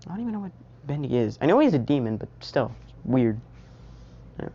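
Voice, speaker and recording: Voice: medium pitch, sing-song, brisk, mellow, slightly rough. Rambling young storyteller, lo-fi recording. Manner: rambling, full of "you know" and tangents. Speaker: fan fiction storyteller. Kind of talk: casual improvised storytelling. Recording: dull lo-fi recording.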